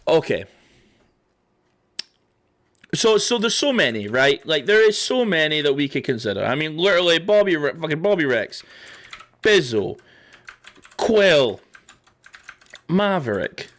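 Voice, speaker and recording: Casual male streamer, slightly high voice, loose and rambling, swears freely. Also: sing-song, moderate pace, a bit bright. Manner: rambling, swearing, laughing often. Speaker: livestream host. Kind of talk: casual livestream chat.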